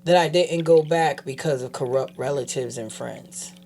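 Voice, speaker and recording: A woman guest telling her personal story in a casual interview, animatedly acting out other people's voices and dropping quiet when she turns serious. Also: a bass voice, normal speed, slight background noise. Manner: animated, acts out quoted voices. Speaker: guest, advocate.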